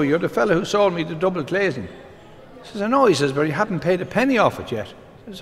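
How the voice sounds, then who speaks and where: An Irish man, a comedian, doing live stand-up, briskly rattling off short jokes as quick back-and-forth exchanges. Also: on the high side, expressive, a bit bright. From Ireland. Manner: brisk storyteller, rattles off quoted exchanges with repeated "he says". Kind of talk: live stand-up joke telling. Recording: reverberant venue with background noise.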